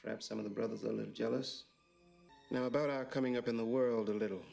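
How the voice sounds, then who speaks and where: An actor playing an older religious leader who calmly justifies himself in a film scene, speaking in a measured, persuasive way. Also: male voice, medium pitch, gravelly, soft background music. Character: aging religious leader, calm, self-justifying, older man.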